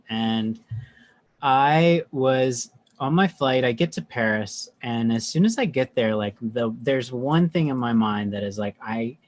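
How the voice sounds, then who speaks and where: A man, a meditation teacher, guest on a podcast, telling a story in a chatty, animated way with many asides. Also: medium pitch. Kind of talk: casual storytelling.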